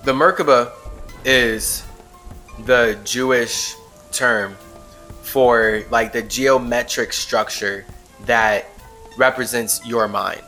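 Bright-voiced man rambling on a podcast. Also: medium pitch, fairly even intonation, slow pace, long pauses, soft background music. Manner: rambling, emphatic, laughs often. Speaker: podcast host. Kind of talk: casual spiritual monologue.

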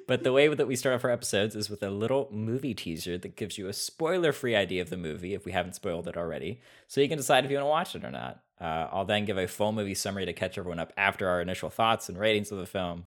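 Low-voiced man joking on a podcast. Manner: laughs often, dry jokes, many fillers. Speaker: podcast co-host. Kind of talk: casual podcast chat.

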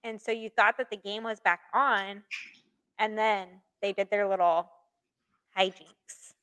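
A woman's voice: mid-range voice, fairly even intonation, unhurried, fairly bright tone, clear, resonant tone, low-quality recording. A young woman in her twenties co-hosting a podcast in casual chat, reading stories aloud and laughing easily. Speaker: podcast co-host.

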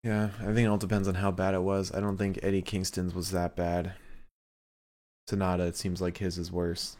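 Low-voiced man in casual podcast chat. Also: moderate pace. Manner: relaxed, hesitant with fillers. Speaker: podcast co-host. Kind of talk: casual chat recapping wrestling.

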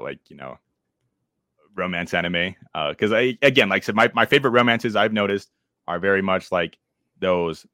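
A man with a fairly low voice co-hosts a laid-back podcast, chuckling often and swearing freely as he talks. His voice sits close to the mic in a dry, dead-sounding space. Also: fairly bright tone, no echo. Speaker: podcast co-host. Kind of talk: casual podcast chat.

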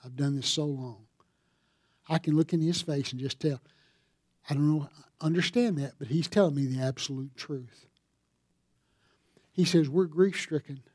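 A pastor preaching a sermon, telling a story and building to emphatic appeals. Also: male voice, on the high side, normal speed, a little mellow, dry recording, studio quality.

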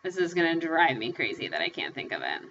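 Chatty woman cohost laughing a lot, swoopy bright voice, kinda muffled audio. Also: deep voice, fast, slight background noise. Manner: chatty, laughs often, animated. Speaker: podcast co-host. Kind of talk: casual book chat.

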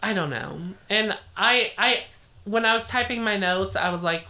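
A woman's voice: mid-range voice, animated, moderate pace, bright, forceful tone. A young adult woman co-hosting a casual podcast, retelling a haunting story in a chatty, joking way and swearing now and then.

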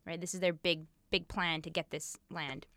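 A woman co-hosting a podcast, casually telling a dark history story, swearing and laughing along the way. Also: on the low side, little pitch movement, normal speed, no echo.

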